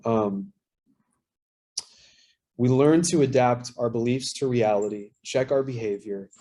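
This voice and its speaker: A man's voice: medium pitch, warm tone. Casual, profane man sharing candidly. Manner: casual, profane, self-deprecating, lots of fillers. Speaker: workshop speaker. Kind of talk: candid recovery share at a convention workshop.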